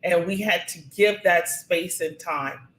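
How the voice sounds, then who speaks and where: A woman co-hosting a marriage podcast, speaking calmly and reflectively in casual conversation. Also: fairly low pitch, a little slow. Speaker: podcast co-host. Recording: echoey room.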